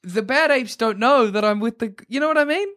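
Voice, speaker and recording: A man's voice: very high voice, fairly quick, bright, forceful tone. A man co-hosting a comedy podcast in casual banter, rambling with restarts and laughing often. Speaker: podcast co-host.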